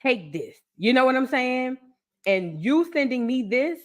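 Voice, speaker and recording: A young woman chatting excitedly with her viewers on a live stream, repeating phrases for emphasis. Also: high voice, unhurried. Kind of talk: casual live-stream chat.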